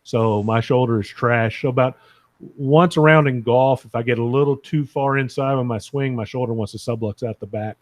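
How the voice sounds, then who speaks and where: A man's voice: medium pitch, moderate pace, no echo. A man in his middle register talks with a plainspoken, opinionated edge, jumping on his soapbox about his field. The recording is close and dry, with no room sound. He pushes his points hard while staying conversational. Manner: opinionated, emphatic, frank. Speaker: podcast co-host, sports medicine clinician. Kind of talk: casual panel discussion.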